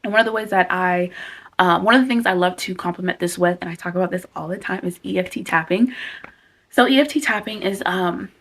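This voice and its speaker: A young woman talking casually and earnestly to camera about self-care and calming techniques, with frank, animated asides. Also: fairly low pitch, fairly quick. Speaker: vlogger.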